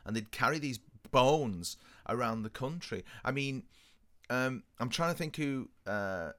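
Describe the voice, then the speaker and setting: A man's voice: medium pitch, animated, measured pace, fairly bright tone. A man in casual chat, musing thoughtfully and recalling things he has heard or read.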